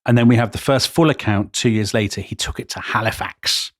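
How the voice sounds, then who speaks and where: A man's voice: fairly low pitch, a little fast, no echo, studio quality. Enthusiastic man telling history. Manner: enthusiastic storyteller, quoting old accounts with gusto. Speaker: history podcast co-host. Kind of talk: storytelling history chat.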